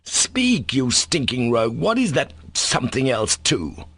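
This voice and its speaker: A man voicing a furious, proud young Russian gentleman who shouts commanding accusations in an audiobook reading. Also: mid-range voice, very animated, a little slow, breathy edge, dry recording, voice pushed up, heavily acted.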